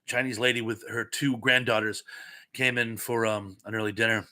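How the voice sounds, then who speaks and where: Bright-voiced man hosting a live chat. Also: fairly low pitch, moderate pace. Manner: animated, chatty storyteller with self-mocking asides. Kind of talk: casual live-stream chat and trivia.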